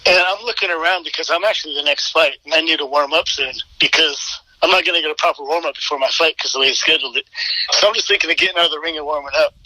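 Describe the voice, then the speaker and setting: A man, a pastor and former fighter, telling an animated story in casual chat. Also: fairly high pitch, racing, low-quality recording. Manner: animated storyteller, acts out quotes.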